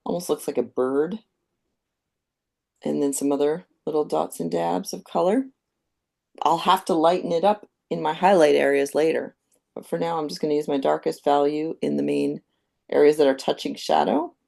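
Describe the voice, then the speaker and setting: A woman giving a live painting demonstration, calmly explaining each step as she thinks aloud. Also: deep voice, normal speed, gravelly. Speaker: painting instructor.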